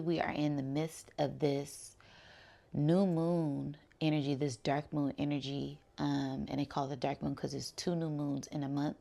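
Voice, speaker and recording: A young woman telling a relaxed, chatty spiritual story, full of "um" and "like". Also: low voice, gravelly. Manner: relaxed and chatty, many fillers like "um" and "like". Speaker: spiritual channel host.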